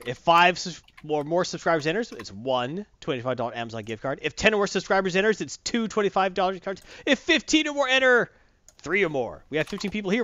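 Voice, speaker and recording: A man hosting a live stream, chatting casually and hyping viewers in a jokey, animated way. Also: a little high, dry recording, muffled recording. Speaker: stream host.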